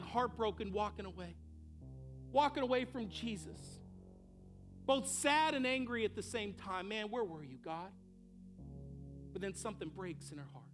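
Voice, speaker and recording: A man preaching a sermon as pastor, acting out the people in the story and building to impassioned peaks. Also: sits high. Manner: acts out quoted voices in dialogue.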